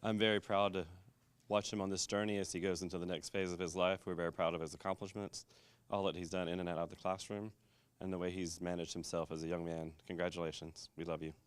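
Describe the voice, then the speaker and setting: A man giving a sincere, measured tribute as an uncle. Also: sits low, flat delivery, clean tone, dry recording. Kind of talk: short spoken tribute.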